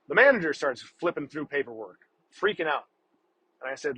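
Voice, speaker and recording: A man's voice: fairly high pitch, big pitch swings, moderate pace, pushed and bright, breathy edge, rough recording. A man hosting a podcast, telling a story in a casual, profane, exasperated way. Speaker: podcast host.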